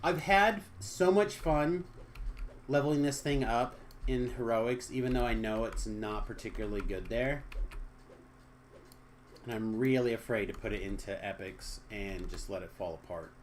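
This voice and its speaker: A young man chatting casually with viewers on a live game stream, joking and trailing off into quiet asides. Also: mid-range voice, moderate pace, slight background noise.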